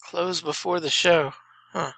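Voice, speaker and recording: A man's voice: a little high, steady tone, measured pace, creaky, pushed and bright, no echo. A man co-hosting a podcast, chatting casually and hesitantly recalling scenes, often trailing off. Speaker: podcast co-host. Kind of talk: casual film-discussion chat.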